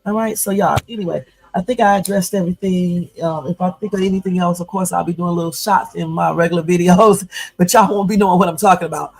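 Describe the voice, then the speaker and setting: A woman's voice: fairly low pitch, fairly even intonation, quick pace, gravelly, darkish tone, rough recording. A woman in her fifties hosting a casual livestream from home, chatty and full of fillers, turning blunt and confrontational. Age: 50s. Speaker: YouTube livestream host.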